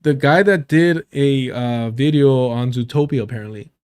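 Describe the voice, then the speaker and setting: A man's voice: medium pitch, moderate pace, darkish tone, smooth. A man hosting a livestream, giving sarcastic, profane reaction commentary and talking straight to his chat. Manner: addresses chat directly. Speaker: livestream host.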